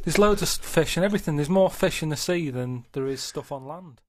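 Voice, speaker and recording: A man in casual comic banter, blunt, deadpan and stubbornly argumentative. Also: on the high side, a little fast. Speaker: comic podcast regular.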